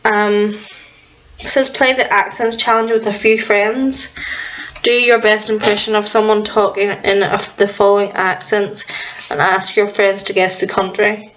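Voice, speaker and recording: A woman's voice: medium pitch, flat delivery, a little slow, fairly bright tone, slight background noise. Chatty young woman, lo-fi home video. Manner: rambling, chatty, self-deprecating. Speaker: vlogger. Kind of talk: casual chat. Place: at home indoors.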